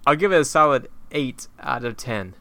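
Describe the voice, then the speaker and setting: A man's voice: mid-range voice, lively intonation, normal speed, fairly bright tone, no room sound. A man hosting a casual movie review podcast, steering the segments and stammering at the start of phrases. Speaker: podcast host.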